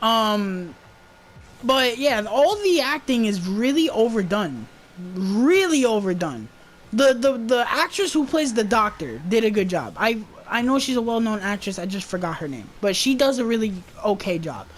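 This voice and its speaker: High, lively woman ranting about a movie. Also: moderate pace, slight background noise. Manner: rambling, profane, exasperated ranting. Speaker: movie reviewer. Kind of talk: casual movie review chat.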